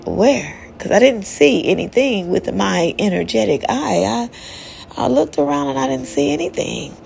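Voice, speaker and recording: A woman's voice: fairly high pitch, expressive, normal speed, gravelly, a little mellow, slight background noise. A woman telling a personal spiritual story in a casual, candid and profane way.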